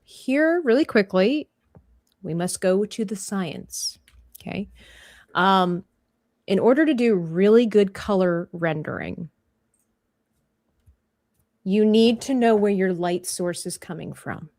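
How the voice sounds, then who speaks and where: A woman's voice: mid-range voice, lively intonation, takes it slowly, pauses often, a little mellow, no room sound, studio quality. A woman hosting a livestream coloring tutorial, a former art teacher who chats playfully and laughs often.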